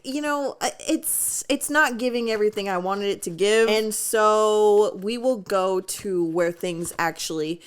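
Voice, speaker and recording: A woman's voice: mid-range voice, a little slow, hardly any pauses, clear, resonant tone. A young woman doing comedic book commentary, sarcastic and loose, with lots of fillers and swearing. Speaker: YouTuber reviewing a book.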